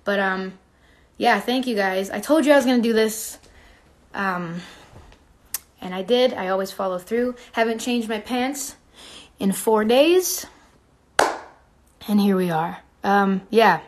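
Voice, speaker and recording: A woman's voice: medium pitch, unhurried, long pauses. A young woman in her twenties hosting a casual phone livestream, chatty and playful, reading comments aloud and humming between remarks. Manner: chatty, playful, reads comments aloud, hums and breaks into song.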